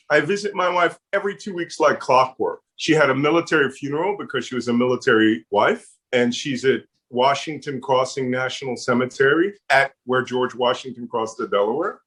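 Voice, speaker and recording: A man's voice: mid-range voice, expressive, normal speed, hardly any pauses, fairly bright tone, breathy edge. A middle-aged man with a Philadelphia accent, a guest telling personal stories in an earnest, heartfelt way with touches of humor. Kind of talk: casual interview storytelling.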